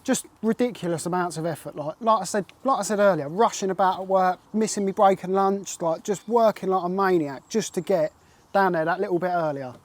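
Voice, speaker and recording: A man, telling an excitable and rambling fishing story in a casual interview, full of "like" and "mate". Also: sits high, brisk. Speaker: carp angler recounting a catch.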